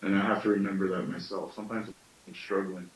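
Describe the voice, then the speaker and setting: A man's voice: low voice, level tone, quick pace, a little hiss or hum. Reflective storyteller man, roomy and distant. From Canada. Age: late 30s. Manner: thoughtful, with self-questioning asides. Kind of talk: reflective teaching talk.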